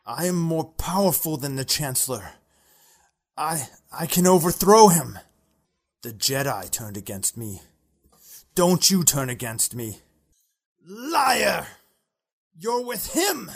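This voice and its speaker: A man voicing a desperate young dark warrior in a voice audition. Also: medium pitch. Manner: pleading turning to shouting. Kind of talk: voice audition reading.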